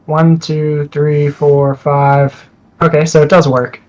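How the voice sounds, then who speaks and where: A fairly high-voiced man taking his turn in a tabletop game, hesitant and unhurried. He fills the gaps with plenty of ums and uhs and speaks slowly. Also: little pitch movement, a little mellow, dull audio. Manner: hesitant, lots of fillers, unhurried. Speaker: player. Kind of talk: casual tabletop game play.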